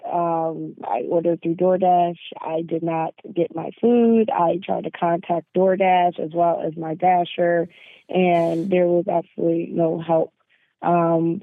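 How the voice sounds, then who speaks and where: Woman on phone line, tinny narrow sound, dry, measured and aggrieved complaint. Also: lowish voice, no room sound. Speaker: caller.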